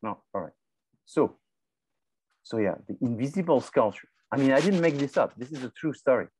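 A man's voice: mid-range voice, expressive, normal speed, darkish tone, husky. A male marketing professor giving a conversational class lecture, asking and answering his own questions.

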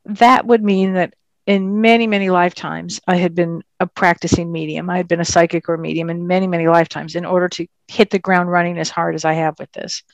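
A woman, a psychic medium, telling her story in a casual interview with an animated, emphatic manner. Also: on the low side, brisk, creaky, no room sound.

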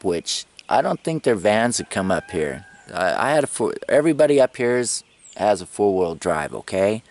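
A middle-aged man talks through a casual travel vlog in a low voice. He rambles from one story to the next and chuckles as he goes. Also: dry recording. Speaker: travel vlogger.

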